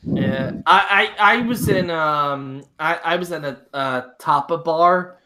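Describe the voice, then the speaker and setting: A man's voice: on the high side, takes it slowly, sharp tone, slight background noise. A young man from Northern Ireland with a Northern Irish accent, hosting a casual live-stream chat and telling pub stories full of swearing and laughter. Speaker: show host.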